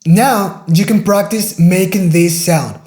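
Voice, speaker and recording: A native Spanish-speaking man with a Spanish accent, patiently teaching pronunciation and repeating each sound slowly to demonstrate it. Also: high voice, a little mellow, reverberant. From Spain. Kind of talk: pronunciation lesson.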